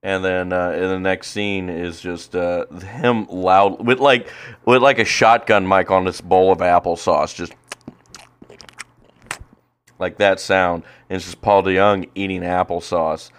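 A man's voice: low-pitched, fairly even intonation, unhurried, clean tone. A man co-hosting a casual podcast, rambling and swearing with lots of fillers while reacting to a baseball game. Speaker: podcast co-host.

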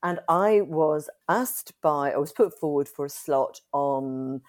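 A woman's voice: sits low, takes it slowly, a little mellow. A woman guest on an interview show, talking in a chatty, stop-and-start way. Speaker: guest, company co-founder. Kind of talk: casual interview chat.

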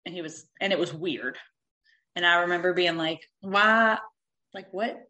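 A woman in her thirties telling a personal story candidly, animated and swearing freely, acting out what people said. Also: on the low side, moderate pace, rough recording. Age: 30s.

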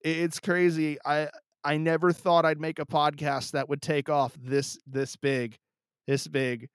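A man's voice: fairly high pitch, little pitch movement, measured pace, clean tone, no room sound. A man hosting his own podcast in casual solo talk. He is teary and emotional, rambling with many restarts, close on the mic. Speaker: podcast host.

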